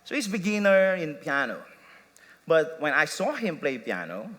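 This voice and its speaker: Bright-voiced pastor in a reverberant hall. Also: male voice, fairly high pitch, sing-song, moderate pace. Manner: storytelling, laughing at himself, quoting his family. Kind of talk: sermon with personal story. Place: church sanctuary. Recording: long church hall reverb.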